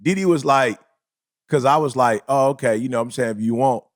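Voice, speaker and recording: A man in a relaxed podcast conversation, spinning an everyday story with slang and playful acted-out quotes. His voice sits at an ordinary middle pitch. The sound is dry and close, with almost no room echo. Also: a little fast. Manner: animated storyteller, acts out other people's lines, slangy. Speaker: podcast co-host. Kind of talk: casual podcast chat.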